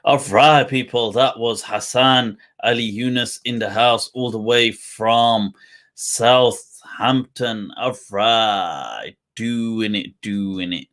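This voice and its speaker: A man hosting a casual live-stream chat, relaxed and drawn out, with laughs between phrases. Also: medium pitch, slow pace. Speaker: host.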